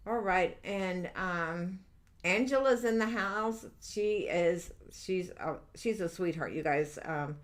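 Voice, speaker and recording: A middle-aged woman hosting a live angel-reading stream, chatting candidly and rambling with lots of fillers. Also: fairly low pitch. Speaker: livestream angel reader. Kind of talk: chatty livestream talk reading out viewer comments.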